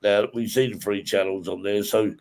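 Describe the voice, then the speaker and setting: A man with a gravelly, creaky voice hosts a relaxed live chat show. He explains things in loops, restarting and repeating himself as he works through a point. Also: on the low side, normal speed. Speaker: show host. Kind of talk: casual live-stream chat.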